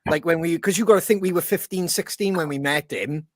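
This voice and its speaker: A man's voice: a little high, brisk, no room sound. A man co-hosting a podcast, reminiscing with laughter. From Wales. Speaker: podcast co-host. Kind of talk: casual chat.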